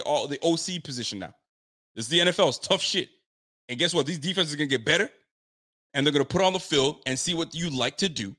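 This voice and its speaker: A man's voice: on the high side, pushed and bright. A man giving a frustrated, blunt post-game reaction, repeating himself and using casual slang. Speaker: sports fan commentator.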